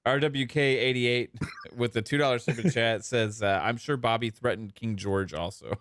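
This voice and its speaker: A man's voice: mid-range voice, normal speed, fairly bright tone, no room sound, clean studio sound. A man hosting a podcast, reading viewer super chats aloud in a loose, laughing manner. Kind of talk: casual gaming podcast chat.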